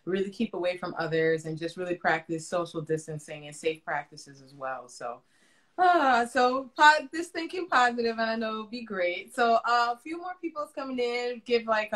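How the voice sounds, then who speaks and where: A woman's voice: fairly high pitch, normal speed, fairly bright tone. A woman with a Caribbean accent hosting a casual interview over a video call, talking in a chatty way with many fillers and restarts. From Florida. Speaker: interview host.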